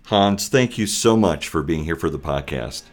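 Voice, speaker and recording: Male podcast host, very deep voice, friendly questions. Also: expressive, moderate pace, soft background music. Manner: friendly, encouraging. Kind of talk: interview questions.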